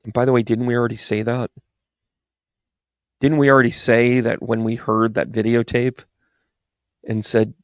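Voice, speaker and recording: A man's voice: medium pitch, fairly even intonation, moderate pace, long pauses, dry recording, clean studio sound. A man giving a rambling, exasperated political commentary monologue with sarcastic asides. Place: New York.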